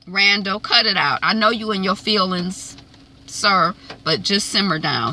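Bright-voiced woman recapping a show. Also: medium pitch, a little slow, poor audio. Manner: animated retelling, chatty with frequent "um" and "like"; slangy, opinionated asides. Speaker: TV recap vlogger. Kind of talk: casual episode recap and review.

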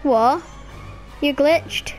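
A very high, piping female voice chats through a video game session. Her talk is casual and excitable, and it keeps jumping up into sudden squeals. Faint music plays underneath. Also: drawn-out words. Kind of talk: casual gameplay commentary.

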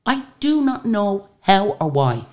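A woman in her sixties with an Irish accent, a singer, tells stories in a casual interview. She speaks at medium pitch and a measured pace, chatty and lively, often restarting her sentences.

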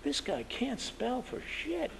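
A man voicing a young male sports editor giving a blunt, deadpan verdict. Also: extremely high pitch, normal speed, creaky, noisy background, voice pushed up, full character voice. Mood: wry. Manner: drawling, deadpan put-down.

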